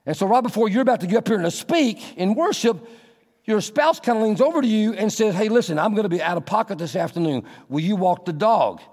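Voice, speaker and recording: A man preaching a sermon as pastor, animated, acting out little scenes in a raised voice. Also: sits high, fast, long reverb tail.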